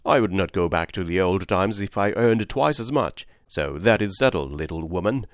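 A man's voice: sits low, expressive, moderate pace, no echo, clean studio sound. A man reading the part of an honest, hardworking cabman who speaks earnestly and respectfully. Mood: reassuring. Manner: earnest, respectful, plain-spoken. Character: honest hardworking male London cabman, steady and devout. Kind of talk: audiobook character reading.

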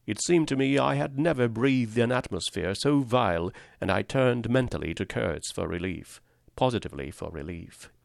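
A man narrating a literary novel in a measured, grave, deliberate way. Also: mid-range voice, animated, vocal fry, no echo, clean studio sound. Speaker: audiobook narrator.

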